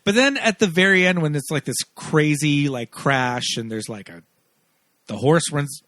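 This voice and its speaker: A man co-hosting a casual movie podcast, animated and laughing often as he acts out scenes. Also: a little high, normal speed, dry recording, clean studio sound. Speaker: podcast co-host. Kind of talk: casual chat.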